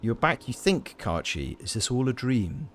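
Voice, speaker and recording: A man's voice: mid-range voice, big pitch swings, normal speed, slight background noise. A Welsh man chatting casually with his live chat while streaming a video game, rambling through playful tangents. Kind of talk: casual live gameplay commentary.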